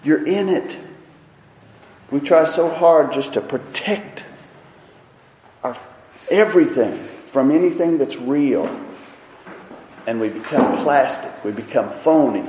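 A man preaching a sermon with impassioned, emphatic delivery, swinging between loud and soft. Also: medium pitch, slow pace, pauses often, slight background noise. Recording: echoey hall.

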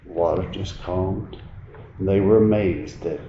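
A man preaching a sermon, moving between quiet reflective passages and raised, emphatic preaching. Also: low voice, a little slow, background noise. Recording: dull, roomy sound with faint ambience.

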